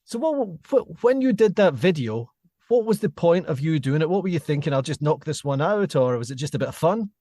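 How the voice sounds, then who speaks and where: Fairly high-voiced male podcast host. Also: big pitch swings, fairly quick, mellow, dry recording, clean studio sound. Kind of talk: casual interview chat.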